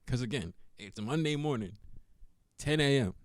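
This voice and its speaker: A man's voice: medium pitch, moderate pace, no echo. A young man telling a funny personal story in a casual vlog, laughing often and acting out what people said. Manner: animated, laughs often, acts out quotes.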